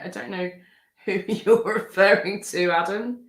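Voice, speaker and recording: A British singer-songwriter chatting between songs on a live stream from her room at home, rambling and relaxed with lots of ums. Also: mid-range voice, normal speed. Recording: roomy sound with guitar behind. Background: acoustic guitar.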